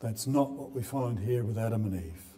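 A man's voice: on the low side, normal speed, warm tone. A man preaching a sermon in an earnest way, often repeating words as he builds a point. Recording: long hall reverb.

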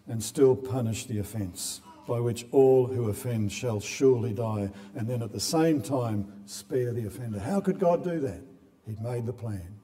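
A man's voice: mid-range voice, mellow. A man preaching a sermon in an earnest way, often repeating words as he builds a point. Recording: long hall reverb.

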